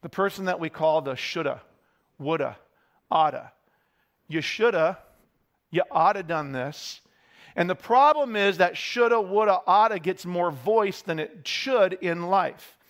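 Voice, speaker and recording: High-voiced man preaching a sermon. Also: lively intonation, a little slow, fairly bright tone. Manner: candid, self-deprecating storytelling.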